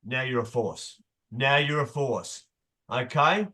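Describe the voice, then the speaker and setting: A man's voice: medium pitch, slow pace, pushed and bright. Emphatic man coaching a group. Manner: emphatic, repeats key phrases, swears casually. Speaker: motivational coach. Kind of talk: motivational group session.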